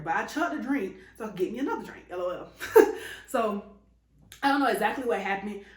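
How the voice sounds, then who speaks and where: A young adult female vlogger tells her viewers a casual, profane story, laughing often. Her voice is medium-pitched, and the room is echoey.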